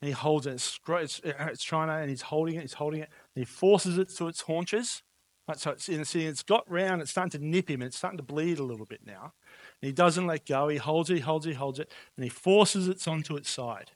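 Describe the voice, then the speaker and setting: A man's voice: on the high side, brisk. Man preaching a conversational sermon. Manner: storytelling, emphatic, conversational with frequent "right?". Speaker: pastor.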